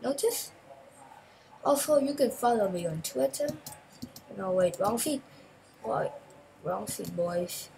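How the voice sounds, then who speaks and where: A woman hosting a gaming channel, giving chatty, excitable gameplay commentary in broken English and repeating phrases. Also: medium pitch, takes it slowly, creaky, long pauses, noisy background.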